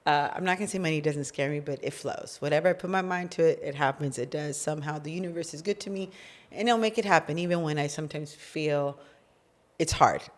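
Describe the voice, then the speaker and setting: A middle-aged woman from California, co-hosting a podcast and telling her business story in a casual, animated way, acting out the dialogue she recalls. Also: sits low, fast talker. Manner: animated, acts out quoted dialogue. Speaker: podcast co-host, business founder.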